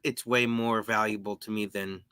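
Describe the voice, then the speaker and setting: A man's voice: fairly low pitch, little pitch movement, moderate pace, bright, forceful tone, clean tone, no room sound. A man hosting a casual live-stream interview, reading viewer comments aloud and laughing easily. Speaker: podcast host.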